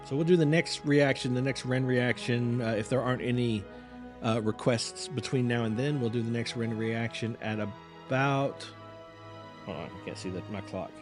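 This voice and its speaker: A man's voice: medium pitch, normal speed, music in the background. A man hosting a live reaction stream, chatting casually with viewers in a rambling, apologetic and self-mocking way.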